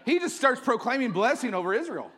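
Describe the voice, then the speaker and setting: A man's voice: very high-pitched, sing-song, fairly quick, fairly bright tone, breathy edge. A male pastor preaching a sermon, telling the story casually and with energy, filling it with likes.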